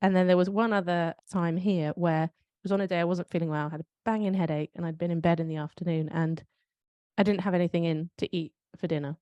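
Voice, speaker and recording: Reflective British woman, lower voice, dry sound. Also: fairly even intonation, quick pace, mellow, clean tone, no echo, lo-fi sound. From United Kingdom. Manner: reflective, storytelling with self-questioning asides. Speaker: podcast co-host. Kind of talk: casual conversational chat.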